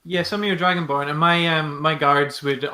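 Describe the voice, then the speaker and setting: A man's voice: on the high side, fairly even intonation, normal speed, pushed and bright. A man playing a tabletop game, hesitant in his speech and laughing often. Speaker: player.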